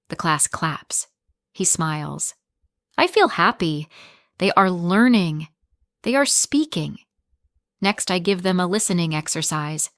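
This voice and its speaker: A woman narrating a graded English reader story in the first person, with slow, clear, simple phrasing for learners. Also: on the low side, lively intonation, fairly bright tone, no room sound, studio quality.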